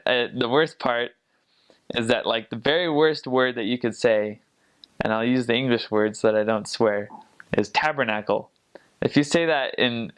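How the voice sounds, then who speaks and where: A young man talks in a loose, rambling way, full of fillers and quick laughs. His voice sits at an ordinary middle pitch. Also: clear, resonant tone. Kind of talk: casual chat.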